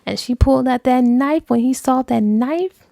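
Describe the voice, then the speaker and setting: A woman book reviewer recapping a novel in a lively, casual way, acting out the characters' lines as she goes. Her voice sits a little high, gravelly and mellow, and the recording is dry and close. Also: moderate pace, no echo. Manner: animated storytelling with acted dialogue. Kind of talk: casual retelling of a novel's plot.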